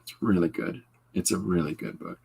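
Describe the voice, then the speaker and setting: A Canadian man hosts a casual live podcast while drawing comics, chatting with viewers, reading their comments, and rambling through asides and self-corrections. His low, husky, darkish voice has vocal fry and is very animated, though his pace stays moderate.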